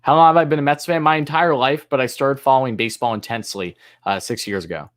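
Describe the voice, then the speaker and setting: Speaking fast in a mid-range voice, a man runs a live fan stream as host and commentator. He switches from calling plays announcer-fashion to offering casual, halting replies to chat.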